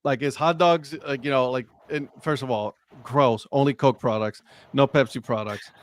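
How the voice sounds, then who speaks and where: A man on a casual sports talk stream, telling an animated story and acting out the dialogue. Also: mid-range voice, moderate pace, dry recording. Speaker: co-host. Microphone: live stream remote mic.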